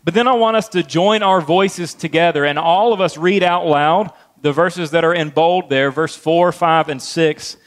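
A man's voice: a little high, normal speed, hardly any pauses. A man preaching a sermon as pastor to his church, earnest, with frequent fillers and repeated key phrases. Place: church sanctuary.

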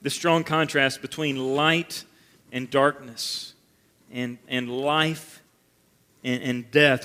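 A man's voice: medium pitch, fairly even intonation, pushed and bright. Earnest preaching man in a reverberant hall. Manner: earnest, measured preaching with emphatic repetition. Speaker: pastor. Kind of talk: sermon. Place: church sanctuary. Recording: long reverb of a church hall.

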